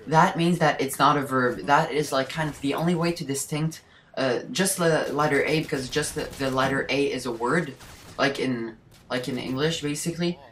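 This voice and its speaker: Low-voiced Quebec French woman, rambling. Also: a bit bright. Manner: rambling, loose, many "like"s. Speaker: gaming channel host. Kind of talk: casual commentary over gameplay.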